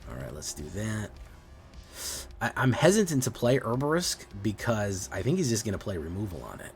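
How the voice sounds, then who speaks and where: A man's voice: on the low side, huge pitch swings, moderate pace, creaky, faint music behind. A man streaming a card game, casually commenting on plays and teasing his chat in a playful way. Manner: playful, teasing, talks to viewers.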